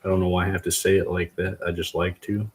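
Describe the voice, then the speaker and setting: Demonstrating a homemade agar method on a livestream, a man rambles in a goofy, casual way and talks to his chat while working. His voice is low, with a flat delivery and quick pace.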